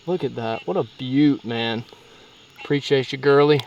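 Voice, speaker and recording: A young man vlogging from a boat on a night fishing trip, excitedly exclaiming as he talks, with crickets behind him outdoors. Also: medium pitch, normal speed, gravelly, dull audio, slight background noise. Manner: excitable, exclaiming, breaks into whoops. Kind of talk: excited outdoor vlog commentary. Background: crickets and insects at night.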